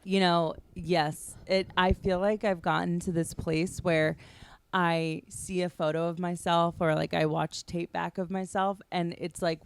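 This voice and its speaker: A woman's voice: fairly low pitch, clean tone, no echo. A woman hosting a podcast, who talks in a chatty, self-reflective way with lots of filler words. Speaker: podcast host. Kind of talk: casual podcast chat.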